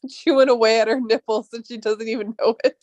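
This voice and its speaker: A woman's voice: fairly even intonation, brisk, darkish tone, dry recording. Valley Girl woman chatting, dry sound. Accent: Californian Valley Girl. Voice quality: upspeak, peppered with "like", swears casually. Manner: chatty, laughs often, jumps in pitch when quoting. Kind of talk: casual chat.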